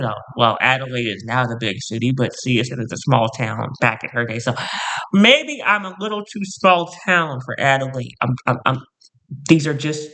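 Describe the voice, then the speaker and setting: A man's voice: medium pitch, pushed and bright. A man from New Jersey delivering a rambling, profane comedic roast monologue, often sidetracking into mock-indignant rants. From New Jersey, USA. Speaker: comedian host.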